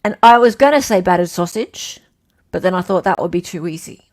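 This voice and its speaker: A woman's voice: lowish voice, lively intonation, a little fast, darkish tone. A woman with an Australian accent hosting a casual livestream, chatting loosely and reading out quiz questions in a sing-song list. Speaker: livestream host.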